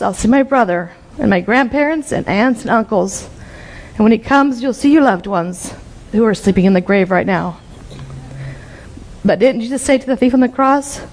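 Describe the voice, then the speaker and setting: A woman's voice: on the high side, darkish tone. Woman preaching earnest Bible sermon. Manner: earnest, reads scripture aloud.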